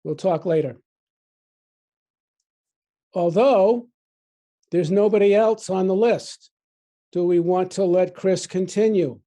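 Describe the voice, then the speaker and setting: A woman chairing a committee meeting, calling speakers and keeping time politely and briskly. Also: fairly low pitch, warm tone.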